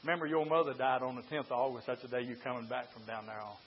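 Hushed sly devil, low and mocking, as an older preacher puts him on; muffled lo-fi sound. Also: male voice, level tone, quick pace, husky, lightly acted. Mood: taunting. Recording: lo-fi recording.

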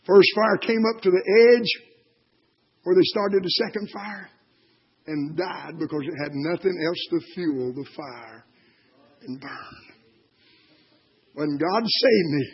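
An older man preaching a sermon. He is impassioned and moves from hushed words to shouting. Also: sits high, slow, long pauses, breathy edge. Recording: dull lo-fi recording.

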